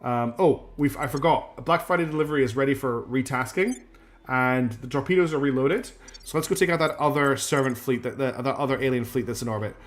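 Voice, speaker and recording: A man's voice: medium pitch, brisk. A man streaming a strategy game, chatty and self-deprecating, thinking aloud as he plays. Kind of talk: live gameplay commentary.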